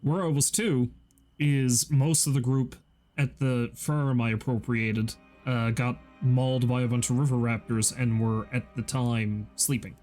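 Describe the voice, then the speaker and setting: A young man from Canada chats casually on a game stream, sounding tired. His talk rambles, dry and self-mocking, at a middling pitch. Soft game music plays under his voice. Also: fairly even intonation, measured pace. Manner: rambling, wry and self-deprecating. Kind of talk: casual gaming stream chat.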